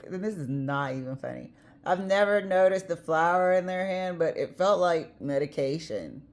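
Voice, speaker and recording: A woman's voice: fairly low pitch, moderate pace. A woman giving a casual tarot reading, chatty and blunt, with the odd swear word and easy laughter. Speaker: tarot reader.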